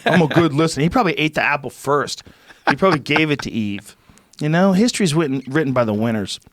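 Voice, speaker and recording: A man's voice: fairly high pitch, expressive, quick pace, a bit bright, no room sound. A man from the United States hosting a podcast, ranting in a casual, profane chat.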